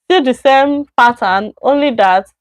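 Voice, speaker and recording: A woman with a Nigerian accent teaching a beginner Chinese lesson on a live stream, slowly repeating words and correcting herself. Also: high voice, dry recording.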